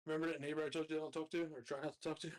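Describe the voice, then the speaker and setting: A man's voice: a little high, level tone, rapid-fire. A man in a live stream chat telling a casual story, laughing often and joking easily.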